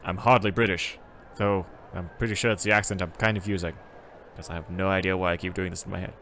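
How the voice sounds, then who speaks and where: A man streaming a travel game, reading its text aloud and chatting casually, in an animated, self-correcting way. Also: low-pitched, fast talker, a little hiss or hum.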